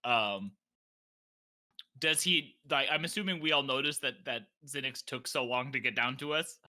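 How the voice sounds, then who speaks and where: A man playing a tabletop game, speaking in a slow, deliberate way. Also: mid-range voice, pushed and bright. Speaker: player. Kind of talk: casual tabletop play.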